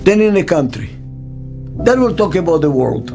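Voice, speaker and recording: An older man giving an interview as a business consultant, speaking slowly and emphatically and repeating key words for stress. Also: a little high, very animated, gravelly. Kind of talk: reflective interview monologue. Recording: faint music underneath.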